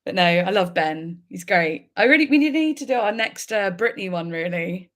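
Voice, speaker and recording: A woman's voice: mid-range voice, animated, normal speed. A woman, a music reaction YouTuber, chatting casually and rambling on a livestream, laughing often.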